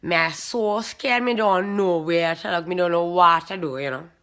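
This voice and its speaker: A woman voicing a chatty, homesick Jamaican woman in a put-on Jamaican accent, with drawn-out patois phrasing in a comic character monologue. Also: on the low side, fairly bright tone, clear, resonant tone, natural voice.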